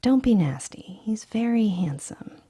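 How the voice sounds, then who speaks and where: A woman voicing a sharp, petulant young socialite with a breathy, sing-song delivery in an audiobook reading. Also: medium pitch, animated, a little slow, pitched above the performer's own voice. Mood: snippy. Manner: snippy and dismissive.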